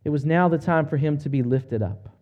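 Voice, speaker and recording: A man preaching a sermon, retelling a story in an earnest, measured way with slow, emphatic pauses. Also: on the high side, phone-quality sound. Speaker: pastor.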